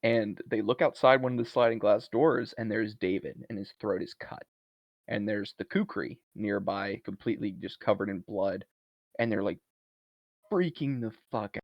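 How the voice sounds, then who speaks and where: A man co-hosting a podcast, retelling a film's plot in a casual, animated way. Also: fairly low pitch, normal speed, no room sound, highs cut off. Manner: animated retelling, briefly acting out lines from a film. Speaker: podcast co-host. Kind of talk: casual movie recap chat.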